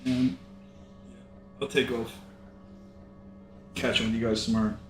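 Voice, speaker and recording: A sick, tired man talks through his gameplay in a loose, rambling way, full of fillers. His voice sits at an ordinary pitch. It carries a roomy echo, with faint game music playing underneath. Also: a little slow. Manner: rambling, relaxed, many fillers. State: sick and yawning. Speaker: let's play gamer. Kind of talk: casual gameplay commentary. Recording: echoey room.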